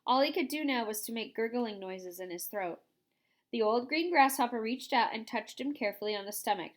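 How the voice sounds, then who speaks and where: A woman reads a children's storybook aloud with a slightly high voice. Her delivery is lively and expressive, and she leans into the drama of the story. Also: brisk. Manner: animated, expressive reading. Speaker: reader.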